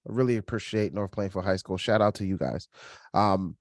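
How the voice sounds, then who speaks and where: A young man co-hosting a podcast, telling a personal story in casual chat, lively and laughing, acting out the voices of others. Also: fairly low pitch, brisk, no echo, clean studio sound. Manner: animated, acts out quoted voices, laughs while telling. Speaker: podcast co-host.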